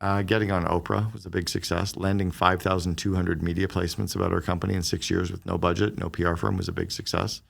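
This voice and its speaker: Guesting on a podcast, this middle-aged man, a business strategist, has a deep voice with a creaky edge. He's a fast, lively storyteller who performs the lines of the people he quotes.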